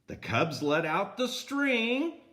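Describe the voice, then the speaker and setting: An older man reading a picture book aloud to a grandchild, pausing to point at the pictures and comment on them. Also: sits high, big pitch swings, bright, forceful tone.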